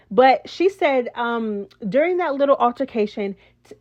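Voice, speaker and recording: A woman's voice: a little high, dull audio. A woman hosting a reality TV recap, chatting casually and sassily, often calling her listeners "child" and "girl". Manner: chatty, sassy, says "child" and "girl" a lot. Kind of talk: casual gossip commentary.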